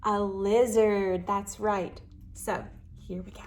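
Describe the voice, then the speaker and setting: A librarian reading a picture book aloud to children, animated, gasping and asking them questions. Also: female voice, mid-range voice, takes it slowly.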